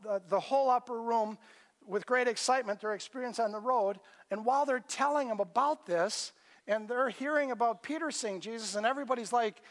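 A man's voice: high voice, fairly bright tone, big-room sound. A man preaching a conversational sermon as a pastor, acting out the scripture dialogue in varied voices.

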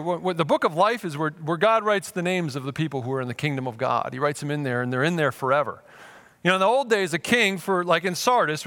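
Preacher with an urgent, emphatic delivery. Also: male voice, on the high side. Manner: emphatic, shifts between loud urgency and quiet intensity; acts out quoted voices, checks in with "okay" and "right". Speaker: pastor. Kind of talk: sermon.

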